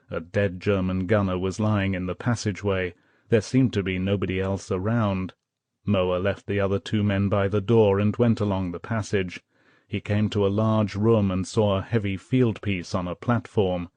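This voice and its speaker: Guy reading a war book out loud, deep-ish voice, dry recording, gets loud on the shouted bits. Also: no echo. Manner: dramatic reading, shouts out quoted battle cries. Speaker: audiobook narrator. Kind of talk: scripted narration.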